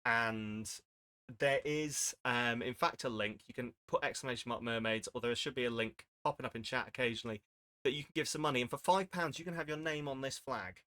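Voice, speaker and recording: Chatty, bright-voiced streamer man. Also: mid-range voice, fairly even intonation, fairly quick. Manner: rambling, self-deprecating, chatty. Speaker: charity streamer. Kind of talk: casual live-stream chat. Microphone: desk microphone.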